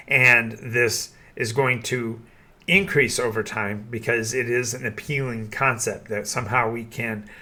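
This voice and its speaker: An older man hosting his own channel, a veteran game master giving opinions in a halting monologue with frequent restarts. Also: mid-range voice, bright, forceful tone. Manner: halting, many restarts and fillers.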